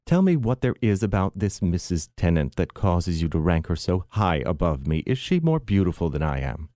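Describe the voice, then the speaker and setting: A man's voice: low-pitched, very animated, normal speed, mellow, no room sound, clean studio sound. A man voicing a theatrical, bitter, self-pitying aging mother in an arch, mannered way.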